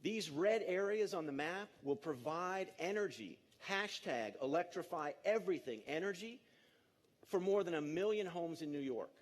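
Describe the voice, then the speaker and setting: A man in his fifties giving a lively, jokey conference talk to an audience in a large auditorium, coaxing the crowd along. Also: fairly high pitch, moderate pace. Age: 50s. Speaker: speaker.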